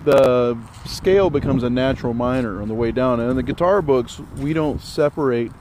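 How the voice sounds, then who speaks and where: A man's voice: medium pitch, normal speed, slight background noise. Slightly breathless man teaching music theory outdoors. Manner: explains step by step, rambling and relaxed. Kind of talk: casual spoken theory lesson.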